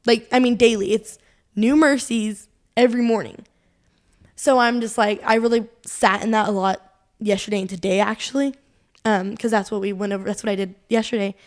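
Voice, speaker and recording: A woman's voice: mid-range voice, steady tone, brisk. A young adult woman co-hosting a casual faith podcast, sharing a personal testimony in an earnest, rambling way, full of "like" and quoted inner thoughts. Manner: earnest, rambling, heavy use of "like"; quotes her own thoughts aloud, laughs often. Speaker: podcast co-host.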